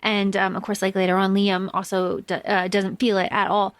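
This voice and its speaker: A woman's voice: mid-range voice, completely flat delivery, normal speed, no room sound. A woman co-hosting a book podcast, chatting casually with lots of fillers and the odd swear. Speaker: podcast co-host.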